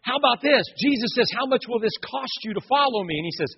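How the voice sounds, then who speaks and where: A man preaching a sermon as a pastor, dramatic and animated, acting out quoted voices. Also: very high-pitched, quick pace, hardly any pauses, slight background noise. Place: church sanctuary. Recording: muffled, long hall reverb.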